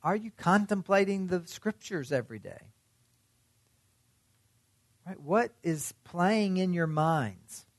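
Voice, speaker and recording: A man's voice: sits high, animated, slow, pauses often, no room sound. Man preaching in a dry close sound. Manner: conversational preaching with rhetorical questions. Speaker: pastor. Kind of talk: sermon.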